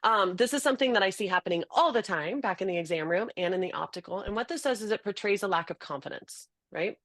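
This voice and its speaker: A woman guest on a podcast interview, explaining in an animated way and acting out examples. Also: mid-range voice, fast, no room sound. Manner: animated, demonstrates by acting out patient talks. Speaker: podcast guest, optical business founder.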